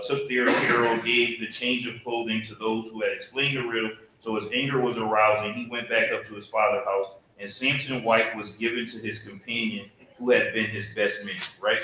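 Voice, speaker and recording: A man's voice: medium pitch, pushed and bright. A man teaching a church Bible class in a casual, conversational way, often asking the class questions. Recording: very echoey room, faint hum.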